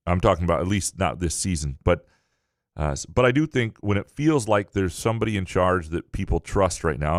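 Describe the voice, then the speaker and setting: A man co-hosting a sports podcast, answering listener questions in a casual, halting way with frequent restarts. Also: sits low, dry recording, studio quality. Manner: halting, many restarts and fillers. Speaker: podcast co-host.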